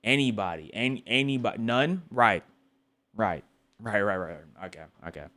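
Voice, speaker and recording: A man's voice: lowish voice, lively intonation, measured pace, bright, forceful tone. A man live-streaming his reaction to a video in casual, playful chat, often repeating words for laughs.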